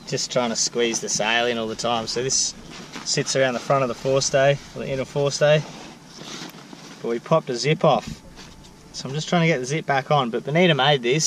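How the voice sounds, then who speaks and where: A man's voice: mid-range voice, slight background noise. A man explaining how he is fixing a sailbag in an easygoing, matter-of-fact way, outdoors on a boat. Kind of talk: casual explanation to camera.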